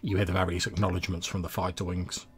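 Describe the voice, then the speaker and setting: A man narrating a tabletop space adventure as game master, in a measured, descriptive way. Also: low-pitched, level tone, a bit bright, soft background music.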